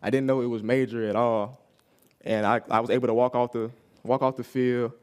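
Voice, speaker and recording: A man's voice: medium pitch, flat delivery, fairly quick, a little mellow, smooth. A young man giving a personal testimony at a youth service, telling his story casually and acting out what people said.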